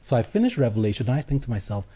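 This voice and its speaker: A man telling his personal faith story as an interview guest, earnest, with halting restarts. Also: mid-range voice, big pitch swings, dark tone, breathy edge. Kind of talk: personal testimony in conversation.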